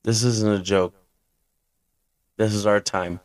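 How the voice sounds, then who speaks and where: Young guy podcast host, low voice, talks slow, all fired up about his team, cusses some. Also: steady tone. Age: 20s. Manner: hyped-up, blunt fan rant with swearing. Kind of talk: fantasy football podcast rant.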